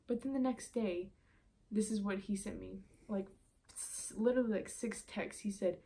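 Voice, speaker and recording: A woman's voice: mid-range voice, normal speed, dark tone. A young woman telling a story in a casual vlog, chatty and exasperated, full of "like.". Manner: chatty, exasperated, heavy use of "like". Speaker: vlogger.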